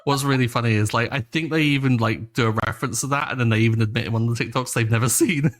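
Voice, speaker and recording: A man co-hosting a podcast, explaining things in relaxed, wry casual chat. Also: mid-range voice, very fast. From England. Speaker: podcast co-host.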